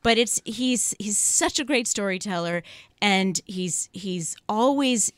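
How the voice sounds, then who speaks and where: A woman's voice: medium pitch, lively intonation, takes it slowly, a bit bright, no room sound. A woman film critic on a radio show, speaking thoughtfully and searching for words as she reflects on a filmmaker. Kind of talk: radio film review discussion. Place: radio studio. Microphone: studio microphone.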